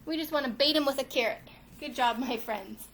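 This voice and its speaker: A high-voiced woman teaching yoga to children, reading from a storybook and cheerfully coaching poses. She sounds a little distant from the mic, and her voice rings around an echoey room with faint ambience behind her. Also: fairly quick, slight background noise. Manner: animated, playful, addresses children as friends.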